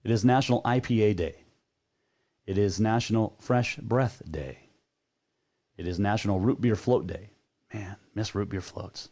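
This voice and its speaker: A man's voice: on the low side, a little slow, long pauses, a little mellow. A man hosting a sports talk radio show, chatting casually and rambling a bit with plenty of filler words.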